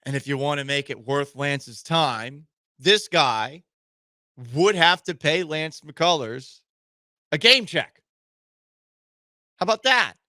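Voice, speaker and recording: Man, sports radio host, sarcastic indignant rant, very lively pitch, dry close sound. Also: no room sound. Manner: jumps between loud outbursts and quiet asides.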